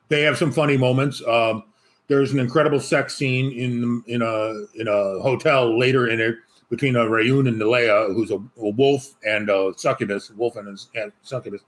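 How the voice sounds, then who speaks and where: Rambling, joking male author guest. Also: mid-range voice. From Chicago. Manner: rambling, joking, many restarts. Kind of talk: casual interview chat.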